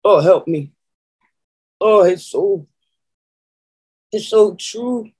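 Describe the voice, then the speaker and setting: Slow, husky woman preaching with fervor. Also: mid-range voice, mellow, low-quality recording. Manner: fervent, moaning and sighing between phrases; overwhelmed, pausing to collect herself. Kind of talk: emotional spiritual testimony.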